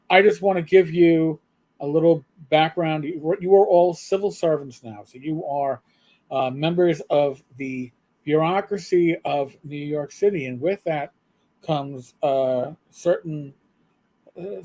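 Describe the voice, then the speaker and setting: A man's voice: a little high, darkish tone. Blunt rambling ex-cop man. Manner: rambling, frequent fillers and restarts, blunt profanity. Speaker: retired police sergeant, guest. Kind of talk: casual storytelling chat.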